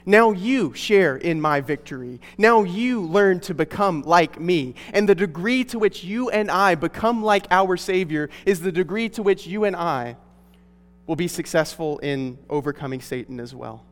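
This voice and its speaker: A man's voice: high-pitched, lively intonation, moderate pace. Man preaching in a reverberant church. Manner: earnest, emphatic preaching with rising stresses. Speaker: pastor. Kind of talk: sermon. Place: church sanctuary. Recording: long hall reverb.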